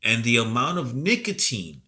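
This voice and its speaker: A man co-hosting a podcast, telling a long story in a rambling, profane, animated way while coming down with a cold. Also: medium pitch, moderate pace. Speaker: podcast co-host. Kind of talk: casual storytelling chat.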